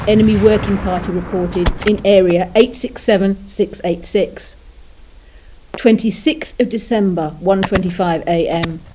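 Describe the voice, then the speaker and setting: A woman co-hosting a history podcast, chatting playfully and reading wartime diary entries aloud. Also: medium pitch. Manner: lively, jokey banter; reads war diary entries. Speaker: podcast co-host.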